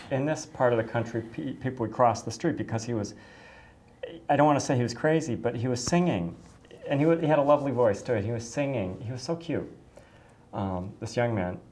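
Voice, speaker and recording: A woman's voice: extremely low pitch, darkish tone. A middle-aged woman from the United States casually telling a personal story, effusive and rambling, with many restarts and fillers.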